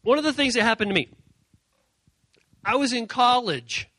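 A man giving an energetic youth sermon, animated, repeating his key points and acting out quoted voices. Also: very high voice, moderate pace, no room sound. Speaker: youth speaker.

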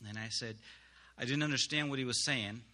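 A man, a missionary, giving an earnest spoken testimony to a congregation, halting with pauses and restarts. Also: medium pitch, sharp tone.

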